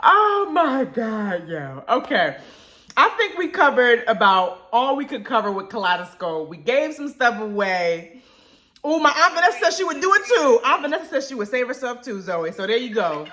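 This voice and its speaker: A woman hosting a casual radio chat over a group call, her voice pitched a little high and ringing bright. She talks with lively swings of pitch, laughing and bouncing between her guests. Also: normal speed. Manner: animated, laughs often and quotes friends. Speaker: radio show host.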